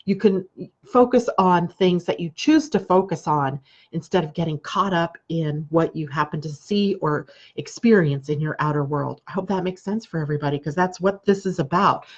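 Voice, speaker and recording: A woman astrologer hosting a live stream, talking calmly and repetitively, often checking in with "right?". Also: on the low side, normal speed, husky, dull audio. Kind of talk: live-streamed spiritual talk.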